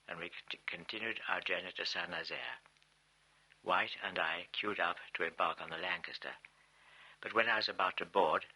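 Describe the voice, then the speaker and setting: Man, audiobook memoir narration, low pitch, bright sharp edge, husky, measured and reflective. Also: poor audio. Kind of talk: first-person memoir narration.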